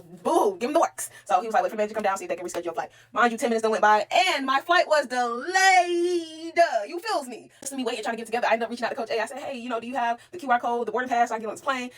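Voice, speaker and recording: A young woman, telling her life story to camera in a casual, profane and animated way. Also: on the high side. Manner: animated, profane, talks straight to the viewer.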